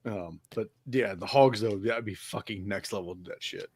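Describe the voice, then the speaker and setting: A man in his forties, a podcast guest, telling stories in casual, profane, animated chat. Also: on the low side, normal speed, breathy edge, no echo, studio quality. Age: 40s.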